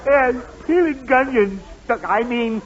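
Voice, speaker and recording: A man's voice: high-pitched, big pitch swings, moderate pace, a faint crowd, slight background noise. An actor playing an easygoing middle-aged father who placates his wife, in 1940s radio comedy acting. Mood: placating. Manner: placating, mild. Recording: dull 1940s radio broadcast.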